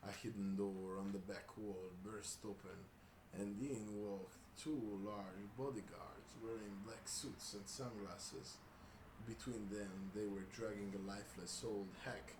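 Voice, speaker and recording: Male reader, lowish voice, jokey asides, echoey home room. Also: steady tone, unhurried. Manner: laughs and breaks off with asides. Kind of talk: comedic reading of a crude story. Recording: roomy room with faint hiss.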